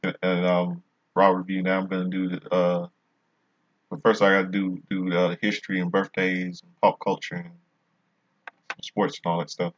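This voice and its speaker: Male vlogger, very low voice, casual rambling review delivery with lots of restarts, dull lo-fi sound. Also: completely flat delivery, normal speed. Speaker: wrestling show reviewer.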